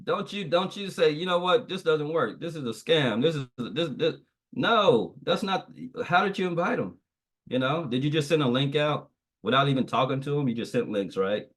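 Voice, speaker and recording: A man's voice: on the high side, lively intonation, moderate pace, a bit bright. A man giving a motivational training talk on a video call, preachy and repetitive, telling a parable. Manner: preachy, repeats phrases, tells a parable. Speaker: guest trainer.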